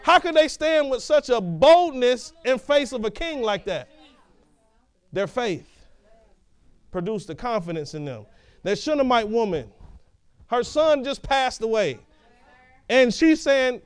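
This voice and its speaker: High-voiced, smooth preaching man. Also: animated, measured pace, pauses often, no echo. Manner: emphatic, with frequent restarts and "right?" asides. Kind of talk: sermon.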